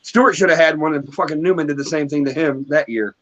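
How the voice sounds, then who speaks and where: Offhand mid-pitched man, muffled recording. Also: fast talker, fairly bright tone. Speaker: podcast co-host. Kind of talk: casual sports chat. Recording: muffled lo-fi audio.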